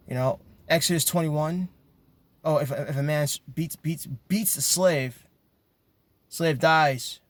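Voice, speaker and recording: Growing worked up, this commentator addresses his viewers in a passionate, emphatic rant full of repeated words. His voice sits a little high, with no room sound.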